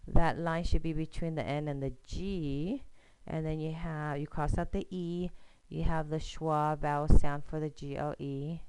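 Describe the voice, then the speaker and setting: A woman's voice: low-pitched, steady tone, unhurried, mellow, clear, resonant tone, dry recording, rough recording. A woman teacher patiently explaining a screencast lesson step by step, often checking in with "okay?".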